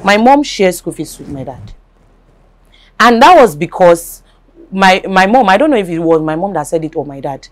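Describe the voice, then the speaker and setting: An animated woman host, her pitch moving up and down freely. She is agreeable and chatty, interjecting as she lays out her own view in a relaxed conversation. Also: normal speed. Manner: agreeable, hums along and chuckles, interjects. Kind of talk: casual chat.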